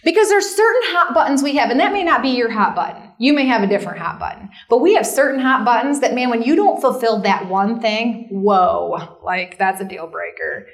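A woman's voice: on the high side, lively intonation, a little fast, vocal fry, few pauses. A middle-aged woman giving a conversational sermon at a camp meeting, chatty and self-deprecating, full of asides and "right?".

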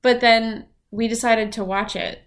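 A woman's voice: a little high, fairly even intonation, unhurried. Young woman, podcast co-host, candid casual chat, heartfelt. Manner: heartfelt, tearful at times, many fillers.

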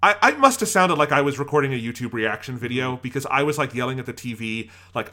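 A man's voice: medium pitch, animated, fairly quick, few pauses, pushed and bright. A man co-hosting a casual podcast about anime, gushing with enthusiasm and acting out his own reactions. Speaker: podcast co-host.

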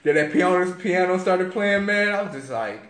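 A young man co-hosting a casual podcast chat, loose and excitable, laughing often. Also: sits high, normal speed. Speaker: podcast co-host. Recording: echoey room with loud background noise.

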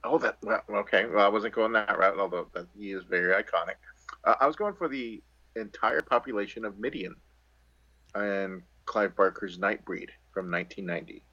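Man, low husky voice, casual chat, wry asides, dull muffled sound. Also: normal speed, pushed and bright, dry recording. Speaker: podcast co-host.

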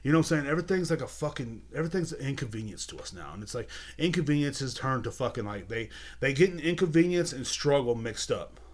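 A man's voice: medium pitch, animated, fast talker, few pauses. Profane rambling young man ranting. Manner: profane, rambling, repeats words and phrases. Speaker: podcast host. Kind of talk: casual ranting monologue.

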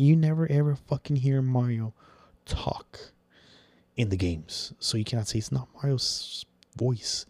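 A man's voice: medium pitch, a little slow, no room sound. A man hosting a podcast, chatting in a rambling, profane way and slipping in words. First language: Spanish. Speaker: podcast host. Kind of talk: casual opinion chat.

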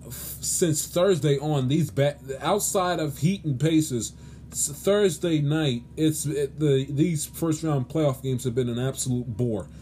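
A man's voice: fairly high pitch, measured pace, dark tone, slight background noise. A man hosting his own sports show, ranting in a pleading, exasperated way with lots of restarts and stammers. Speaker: sports podcast host. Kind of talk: solo sports commentary rant.

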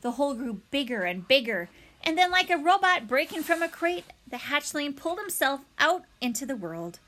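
A woman reads a children's novel aloud with lively, swooping intonation and a bright, forward tone. Her storytelling is expressive and animated, and she leans into each line. Her voice sits a little high for a woman. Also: normal speed. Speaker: narrator.

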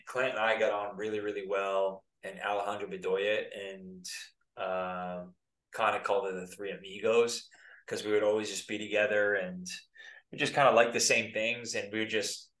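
The voice is fairly low-pitched with a fairly bright tone, belonging to an American man in his thirties who played soccer professionally. Guesting on a casual interview, he talks in a loose, rambling, laid-back way. The mic is distant and the room audible.

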